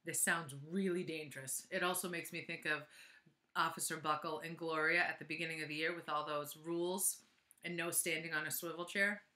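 A woman's voice: low voice, fairly even intonation, fairly quick, bright, forceful tone. A woman reading a children's chapter book aloud with chatty asides, in an echoey room. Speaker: reader.

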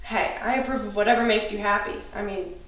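A woman's voice: mid-range voice, fast, a bit bright, close to an everyday voice. An actress playing a frank young woman who speaks bluntly and swears when riled. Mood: friendly. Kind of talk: indie film drama acting. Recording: far-off mic in an echoey room, faint noise.

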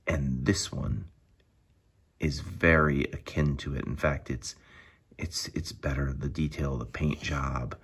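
A man with an extremely low, husky voice reviews tabletop miniatures in a casual, excited way. He keeps slipping into quiet, hushed asides as he looks closer. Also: slow. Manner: enthusiastic, drops to hushed asides.

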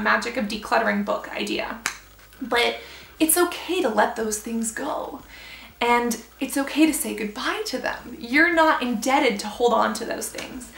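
Earnest young woman vlogger, gravelly edge. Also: a little high, fairly bright tone, echoey room. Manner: earnest, encouraging, reflective. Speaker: beauty vlogger. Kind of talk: heartfelt talk to camera.

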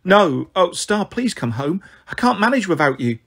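A man's voice: high-pitched, very animated, normal speed, fairly bright tone, breathy edge, pitched above the performer's own voice, heavily acted. A man voicing an upset young girl, tearful and pleading, in an audiobook reading.

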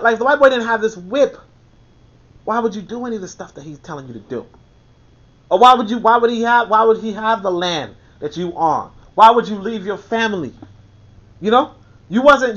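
A man's voice: high-pitched, a bit bright. A man commenting on a book he reads aloud, talking emphatically and repeating his key points. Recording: dull lo-fi recording.

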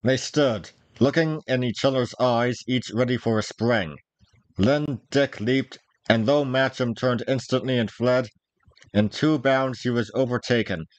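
Man, storybook narrator, measured old-fashioned prose, mid-pitched voice, dry close sound. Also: dry recording, rough recording. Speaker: story reader, vtuber. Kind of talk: storybook read-aloud narration.

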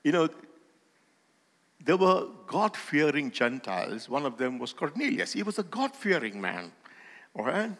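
A male pastor delivers a sermon in a slow, deliberate cadence, leaning hard on key phrases that swell in volume. His voice sits a little high and moves with lively swings of pitch. The sound carries a long reverb from the hall he speaks in. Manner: emphatic preaching with rising volume and slow stressed phrases.

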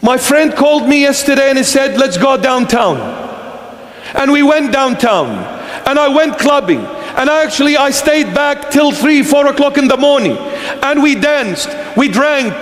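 A man preaching, voicing a carefree young man who brags about a night out in quick, breezy storytelling. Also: extremely high pitch, lively intonation, echoey room, long reverb tail.

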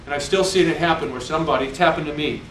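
A man's voice: on the high side, racing, a little hiss or hum. A man giving a live motivational speech, telling stories animatedly with self-mocking humor. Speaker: motivational speaker. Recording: echoey hall, distant mic.

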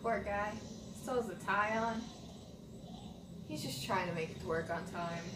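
A woman's voice: medium pitch, normal speed, noisy background. A woman hosting a casual reaction vlog, gushing and squealing at what she watches. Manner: excitable, gushing, squeals and laughs at the screen. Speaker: reaction video host. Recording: roomy echo with show audio behind. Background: TV show audio and music.

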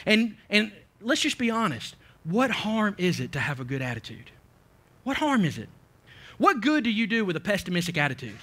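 Bright, high-voiced male preacher. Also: very animated, normal speed. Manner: emphatic preaching with frequent repetition and restarts. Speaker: pastor. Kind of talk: sermon. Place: church.

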